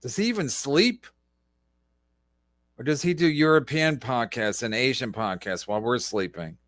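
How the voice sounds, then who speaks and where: Male podcast host, bright edgy tone, sarcastic heckler, dry room. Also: mid-range voice, expressive, moderate pace, dry recording. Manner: sarcastic, loud profane interjections. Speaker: podcast host reacting to a clip. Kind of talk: mocking commentary.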